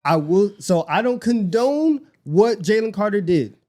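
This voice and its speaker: A young man co-hosting a casual sports podcast, talking in an animated way and often repeating and restarting his phrases. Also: high-pitched, measured pace. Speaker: podcast co-host.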